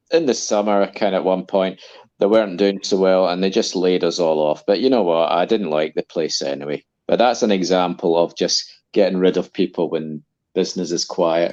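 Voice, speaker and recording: A man's voice: sits low, a little mellow, muffled recording. A man joining a casual livestream as a guest, telling long, rambling anecdotes. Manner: long-winded anecdotal storytelling. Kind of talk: casual live-stream chat.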